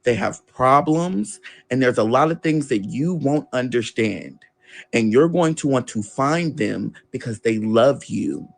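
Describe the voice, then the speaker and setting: Animated man telling a family story. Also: mid-range voice, unhurried, gravelly. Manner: animated storyteller who acts out the people he quotes; swears casually. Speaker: guest. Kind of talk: storytelling in a casual interview.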